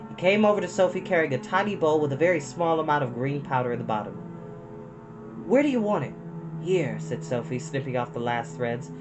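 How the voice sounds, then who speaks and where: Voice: mid-range voice, steady tone, quick pace, hardly any pauses, over music, low-quality recording. A storyteller reading a chapter book aloud, breaking off for chatty, folksy asides to listeners.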